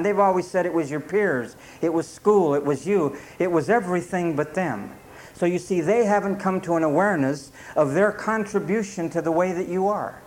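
Preacher guy giving a sermon, kinda high voice, drawls the bible verses then talks it out plain, bit of hiss behind. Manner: reads scripture slowly then explains in plain folksy talk.

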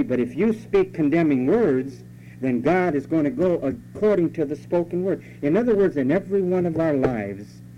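Slightly high and dark in tone, a man's voice delivers an emphatic sermon. The pastor repeats his key phrases and puts rhetorical questions to the congregation, heard through a dull lo-fi recording with a faint hum.

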